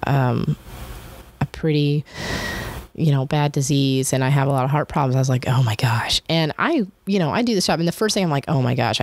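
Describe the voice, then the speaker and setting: A woman's voice: deep voice, darkish tone, dry recording. A woman hosting a podcast, talking casually and rambling with restarts and fillers. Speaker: podcast host.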